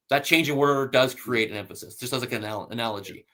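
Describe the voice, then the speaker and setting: Fast and sharp-toned, this medium-pitched male host leads a relaxed academic conversation. He patiently explains points and reads citations aloud, with plenty of filler words.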